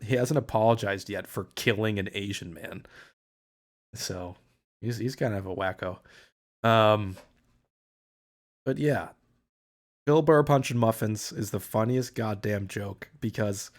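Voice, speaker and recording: A man's voice: lowish voice, measured pace, pauses often. A man hosting a casual livestream chat, rambling, swearing freely and often restarting his sentences. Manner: rambling, profane, with frequent restarts. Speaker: livestream host.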